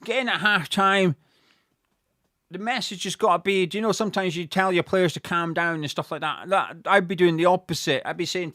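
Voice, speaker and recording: A man giving live fan commentary on a football match, excitable and swearing freely, bursting into shouts at big moments. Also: sits high, a little fast, no room sound, studio quality.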